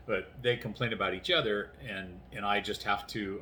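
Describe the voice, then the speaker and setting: Tired man, 60s, rambling vlog chat at home, fairly low-pitched, faint hiss behind. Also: fairly quick, few pauses, sharp tone. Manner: rambling, acts out conversations. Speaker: vlogger. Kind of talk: casual chatty storytelling. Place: inside his house, doors closed.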